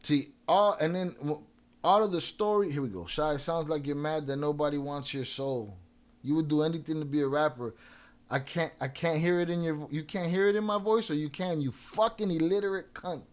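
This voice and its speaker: Profane, combative male stream host. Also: on the high side. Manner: profane and combative, trash-talking trolls; quick shout-outs with filler "uh" and restarts. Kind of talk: casual live-stream chat.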